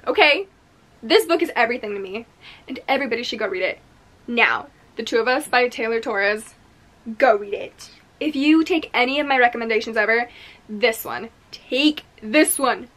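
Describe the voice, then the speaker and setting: A woman talks through her favorite books in an effusive, gushing casual chat and sometimes drops to a dramatic whisper. Her voice is bright and slightly high. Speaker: book reviewer.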